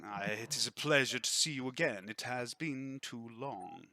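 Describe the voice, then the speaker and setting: A man's voice: mid-range voice, moderate pace, sharp tone. A man voicing a reserved, polite weapons dealer who speaks stiffly and formally.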